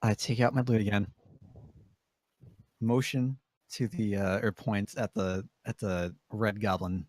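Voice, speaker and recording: Male player, somewhat low voice, casual and hesitant in-game narration. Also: fairly even intonation, unhurried, darkish tone, dry recording. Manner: hesitant, describes his character's actions. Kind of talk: casual tabletop play.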